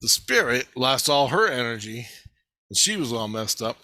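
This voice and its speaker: A man's voice: medium pitch, very animated, normal speed, bright, forceful tone, no room sound. A man casually telling a personal story in a blunt, rambling way, swearing freely and laughing at himself. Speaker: vlogger.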